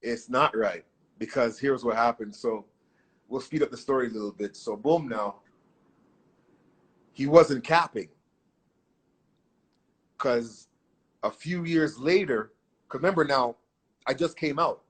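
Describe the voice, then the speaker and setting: A man telling his life story as an interview guest, in animated, profane street slang. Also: medium pitch, measured pace, long pauses, husky. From Canada. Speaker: guest artist.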